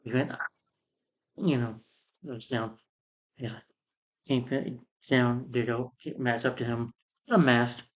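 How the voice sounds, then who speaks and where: A man's voice: mid-range voice, fairly even intonation, measured pace, pauses often. A man giving a casual spoken film review, retelling the plot in a rambling, repetitive way. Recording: dull, muffled lo-fi sound.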